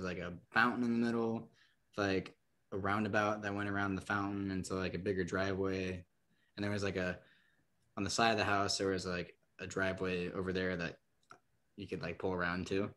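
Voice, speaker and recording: A young man from Nebraska, a podcast guest telling a long story, full of "like" and "um", acting out the people in it. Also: deep voice. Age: young adult. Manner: rambling, full of "like" and "um"; acts out the people in his story with lively quotes. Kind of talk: casual storytelling.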